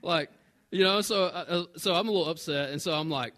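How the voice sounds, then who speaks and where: A man, a pastor telling a personal story in a relaxed, self-mocking sermon. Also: on the high side, brisk. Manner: conversational and self-mocking, with animated retold dialogue.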